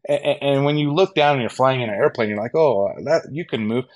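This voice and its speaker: A man telling a hunting story as a podcast guest, animated and acting out the lines of others. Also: mid-range voice, fast. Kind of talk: storytelling in a casual interview.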